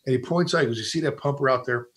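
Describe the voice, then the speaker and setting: A middle-aged man talks fast in a loose, casual chat. He tells firehouse stories with a lot of energy and keeps restarting his sentences as the thoughts pile up. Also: medium pitch. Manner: rapid, animated storyteller who restarts sentences and quotes old bosses. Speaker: podcast host and fire service instructor.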